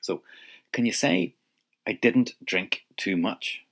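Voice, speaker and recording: A man leads an audio language lesson. His voice is very low, and he talks slowly and patiently, stopping to let the listener try each phrase. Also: fairly bright tone, breathy edge. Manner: patient, prompting the listener to answer. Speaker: language teacher.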